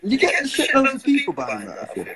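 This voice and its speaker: Man with a high, lively voice, unhurried, with short replies over a loud crowd. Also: poor audio. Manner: laughs along, short swearing replies. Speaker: friend and guest on the stream. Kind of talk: casual chat.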